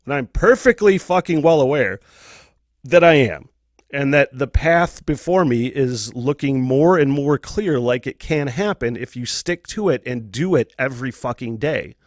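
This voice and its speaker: A man's voice: medium pitch, animated, measured pace, dry recording, studio quality. Profane, chatty male podcast host. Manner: profane, rambling, laughs often. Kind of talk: candid casual monologue.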